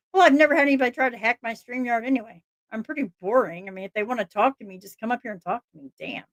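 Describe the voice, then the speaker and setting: A woman hosting a casual live stream, talking in an excitable, rambling way and laughing often. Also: fairly high pitch, fast, no echo, clean studio sound. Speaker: livestream host.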